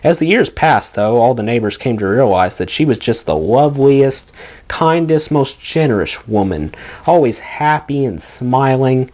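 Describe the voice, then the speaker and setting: A man reading a memoir aloud as an audiobook, with an expressive delivery. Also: medium pitch, a little slow. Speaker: audiobook reader. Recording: dull lo-fi recording.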